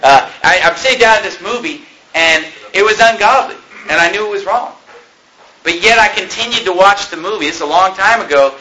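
Man, pastor, sermon, forceful bright tone, fairly high voice, emphatic, slight background noise. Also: a little fast, poor audio. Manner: emphatic preaching, rising to shouts at points.

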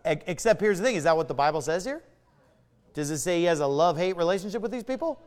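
Guy preaching a sermon, highish voice all over the place, drags words out for emphasis, big hall echo. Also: animated, fast talker. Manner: emphatic preaching, stretched words and sharp swings of pitch and volume. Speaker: pastor.

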